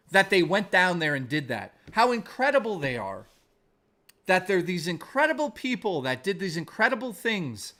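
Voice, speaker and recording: A male streamer with a fairly high voice rants heatedly into his mic, swearing and circling back on his points. He reads and answers his viewers' messages between tirades. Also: a bit bright. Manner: heated, profane, repetitive ranting. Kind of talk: angry live-stream rant and chat reading.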